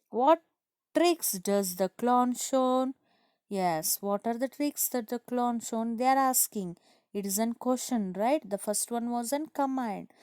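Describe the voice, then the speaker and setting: A woman teacher with an Indian English accent talks children through a grammar lesson at an unhurried, deliberate pace. Her voice sits a little high and sounds smooth and clear. The recording is close and dry, with no room echo. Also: warm tone. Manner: slow, repetitive explaining, asks and answers herself. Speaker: school teacher.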